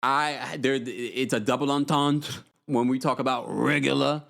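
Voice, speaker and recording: Speaking at a measured pace with fairly even intonation, this American man has a medium-pitched, creaky, somewhat bright voice. He's a podcast host doing a chatty livestream recap and reading viewers' super chats out loud.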